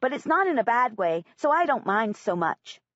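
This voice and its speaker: A woman's voice: a little high, big pitch swings, moderate pace, fairly bright tone, no room sound. A woman reading a first-person audiobook in a plain, earnest storytelling manner. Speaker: audiobook narrator. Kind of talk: first-person scripted narration. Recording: dry, slightly dull audiobook recording.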